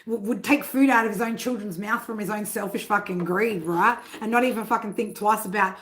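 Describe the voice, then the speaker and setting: A woman's voice: medium pitch, a little fast, few pauses. A middle-aged woman hosting a tarot live stream, talking bluntly with heavy swearing and a constant "right?". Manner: blunt and heavily profane, keeps asking "right?". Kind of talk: casual live-stream chat.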